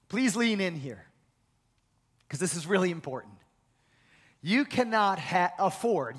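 A middle-aged man preaching a sermon as pastor, telling stories animatedly and sinking to a soft hush at times. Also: normal speed, pauses often. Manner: animated storytelling with big pitch swings, dropping to a soft hush for comforting lines. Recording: long reverb of a large hall.

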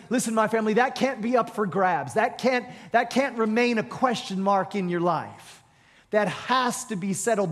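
High-voiced emphatic preacher in an echoing hall. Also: male voice. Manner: emphatic, repeats phrases for impact. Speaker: pastor. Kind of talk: sermon. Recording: long echoing reverb of a large hall.

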